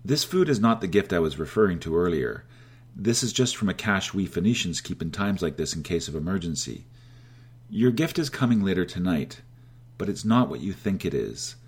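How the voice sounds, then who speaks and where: Storybook figure: wry, measured older woman, read by a deep-voiced man narrator, husky and low. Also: big pitch swings, full character voice. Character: older Phoenician woman, calm, wry, commanding.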